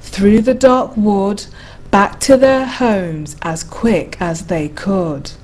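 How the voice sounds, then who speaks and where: A woman reading a rhyming bedtime picture book aloud in a slow, rhythmic way. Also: mid-range voice, a little mellow, a little hiss or hum. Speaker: narrator.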